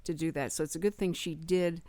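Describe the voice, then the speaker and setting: Woman radio host, low-pitched, rambling chatty storyteller, dry studio sound. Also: steady tone, brisk, mellow, no room sound. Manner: rambling storyteller with frequent fillers and restarts. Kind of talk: casual radio chat.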